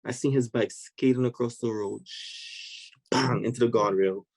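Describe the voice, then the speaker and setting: Man, podcast guest, animated storyteller, acts out other voices, middle pitch, dry close sound. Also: fairly quick, gravelly, no room sound, low-quality recording. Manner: vivid, acts out voices of people in his story.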